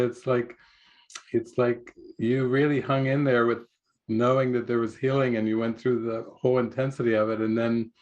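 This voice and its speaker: Older male spiritual teacher on a video call, mid-pitched, rambling delivery, laughs often, restarts lines. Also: highs cut off. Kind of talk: retreat talk.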